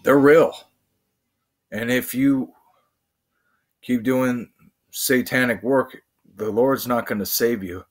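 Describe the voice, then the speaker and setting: Slow-talking man preaching to camera. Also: medium pitch, steady tone. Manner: halting, full of fillers and restarts. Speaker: vlogger. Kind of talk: rambling preaching monologue.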